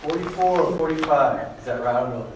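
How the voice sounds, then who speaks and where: A man's voice: on the high side, fast. Joking male language teacher in an echoey classroom. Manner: joking, informal, drills pronunciation with the class. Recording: echoey classroom from far off with background noise.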